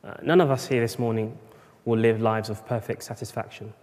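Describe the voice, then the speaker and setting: Preacher in an echoing hall. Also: male voice, mid-range voice, fairly even intonation, fairly quick, darkish tone. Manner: rhetorical, builds up in bursts of emphasis. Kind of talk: sermon. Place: church at a morning service. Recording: long reverb of a large church hall.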